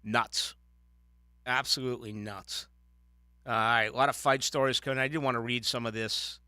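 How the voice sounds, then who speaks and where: A man's voice: medium pitch, dry recording. A man hosting a sports talk radio show, giving opinionated commentary with frequent restarts. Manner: opinionated, animated, halting restarts.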